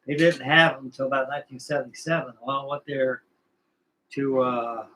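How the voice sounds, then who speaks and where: A man's voice: medium pitch, little pitch movement, a little fast, sharp tone, poor audio. An older man from California hosting a model-building show, telling long, rambling stories in a folksy, salty way. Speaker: model-building channel host. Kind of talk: rambling casual storytelling.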